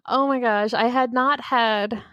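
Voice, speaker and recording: A woman's voice: on the high side, steady tone, measured pace, a bit bright, dry recording, lo-fi sound. A woman co-hosting a podcast in casual chat, telling stories with lots of "like" and acting out what people said. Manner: storytelling, many "like" fillers, acts out quotes. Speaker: podcast co-host.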